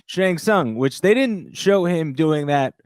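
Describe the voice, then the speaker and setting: A man's voice: a little high, lively intonation, slow, a little mellow, clear, resonant tone, dry recording, clean studio sound. A man co-hosting a comedy podcast, laid-back and wry in casual banter. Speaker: podcast co-host.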